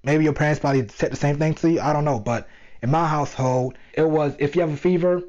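A man's voice: fairly high pitch, fast talker. Slangy young man with a dull lo-fi sound. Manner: animated, slangy, addresses listeners directly. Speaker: vlogger. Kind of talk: casual storytelling monologue.

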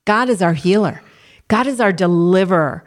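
A woman's voice: medium pitch, normal speed. A woman co-hosting a Christian talk show, preaching earnestly and leading a spoken prayer. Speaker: co-host.

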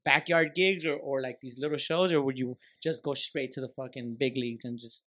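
A man's voice: medium pitch, steady tone, fairly quick, a bit bright. A man hosting a podcast, telling stories in a rambling, slangy, profane way over a studio mic. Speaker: podcast host. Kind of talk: casual podcast chat.

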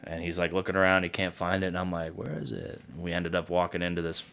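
A man in his thirties is a guest on a podcast, telling stories in an easygoing way. His voice is very deep, smooth and resonant, and he swears freely. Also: completely flat delivery, fast talker, fairly bright tone. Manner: laid-back storyteller, swears casually. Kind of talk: casual chat.

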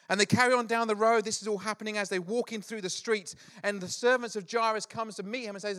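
Preaching with animation and jokes, a middle-aged pastor tells Bible stories punctuated by brief performed asides. His voice sits high.

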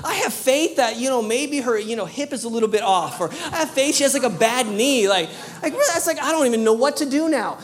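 A woman with a high-pitched voice preaches a sermon, telling a story with lively animation. She often repeats words and restarts, and laughs at herself as she goes.

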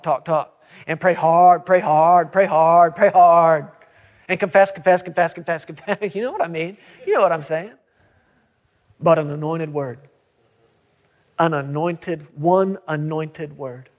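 A middle-aged pastor preaches in a notably high voice. He is emphatic, repeating key words and adding quick asides to the congregation. He speaks as he builds his message. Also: darkish tone. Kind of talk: sermon.

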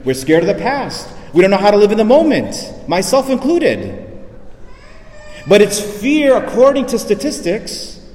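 A male priest delivering an emphatic sermon, dropping his voice low and soft on key lines. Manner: emphatic preaching, drops low and soft for weight. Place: church. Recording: echoey church reverb.

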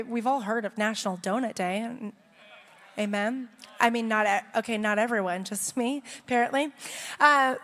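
A woman's voice: a little high, fairly bright tone. Joking woman preacher in a big hall. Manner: chatty, joking asides. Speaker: pastor. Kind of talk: sermon. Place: large church hall with audience.

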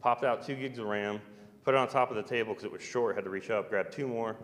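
Man, lowish voice, meandering first-person account with soft chuckles, long hall reverb. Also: quick pace. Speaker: former navy serviceman recounting an experience.

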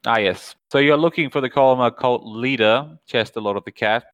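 A man running a tabletop horror game as game master, narrating in a calm, measured way that slows down for tension. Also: medium pitch, no room sound, rough recording.

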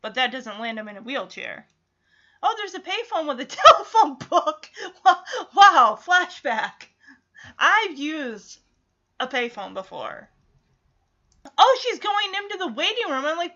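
A woman offers casual, sarcastic commentary as she watches a film, laughing often. Her voice sits high with big swings in pitch, an unhurried pace, and a sharp tone, captured on slightly dull lo-fi audio.

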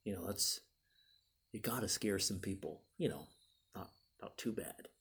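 A man hosting his own show, telling prank stories in a casual, animated way and acting out the quotes in high voices. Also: unhurried, vocal fry, slightly rough. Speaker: podcast host. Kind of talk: casual storytelling monologue.

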